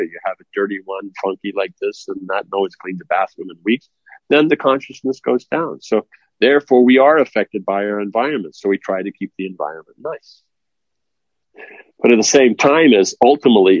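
A man's voice: fairly low pitch, no room sound, dull audio. A man giving a sermon in a blunt, scolding way, firing off rhetorical questions. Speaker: spiritual teacher.

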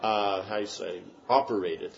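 A man's voice: fairly low pitch, unhurried, vocal fry, highs cut off, a little hiss or hum. A man teaching a class and answering questions, talking in an emphatic, rambling way with many restarts. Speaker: spiritual teacher.

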